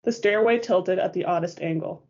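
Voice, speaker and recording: Husky-voiced woman narrating an audiobook. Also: lowish voice, moderate pace, a little mellow, highs cut off. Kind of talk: first-person novel narration.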